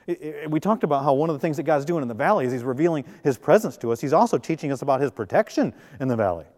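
A man's voice: fairly high pitch, expressive, very fast, darkish tone. Man preaching in a reverberant hall. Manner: conversational preaching with jokes and acted-out quotes. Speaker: pastor. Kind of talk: sermon. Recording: long reverb of a large hall.

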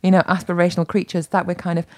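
A woman's voice: on the low side, monotone, racing, no room sound, clean studio sound. A woman co-hosting a food podcast, chatting casually in a wry, teasing way with plenty of fillers. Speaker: podcast co-host. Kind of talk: casual chat.

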